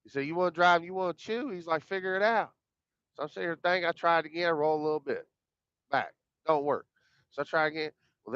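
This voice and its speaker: Folksy man with a slightly high voice. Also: a bit bright, clean tone, dry recording. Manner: folksy, rambling, colloquial, acts out dialogue. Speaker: storyteller. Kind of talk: casual personal storytelling. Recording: dull lo-fi dry sound.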